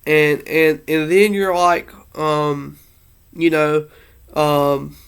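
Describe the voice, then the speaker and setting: A man's voice: a little high, flat delivery, drawn-out words, clean tone. A man talking through a casual, rambling monologue about his team's season, earnest and a little emotional, full of fillers and restarts. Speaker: sports fan vlogger.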